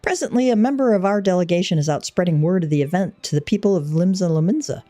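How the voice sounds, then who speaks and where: A woman's voice: on the low side, fast talker, warm tone, dry recording, soft background music, voice pushed up, natural voice. A woman reading as a stately eastern envoy. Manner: stately, archaic, ceremonious phrasing. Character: pompous formal male envoy from the Far East. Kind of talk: read-aloud game dialogue.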